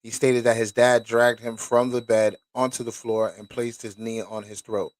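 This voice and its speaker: A man's voice: medium pitch, flat delivery, no echo. Casual man reading documents aloud. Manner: casual, profane, pauses to react. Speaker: host.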